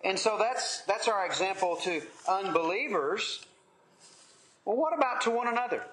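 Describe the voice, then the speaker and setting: High-pitched guy preaching, unhurried and earnest, lots of room echo. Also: animated, fairly bright tone, a little hiss or hum. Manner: earnest, measured preaching with pauses. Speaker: preacher leading a Bible study. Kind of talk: sermon.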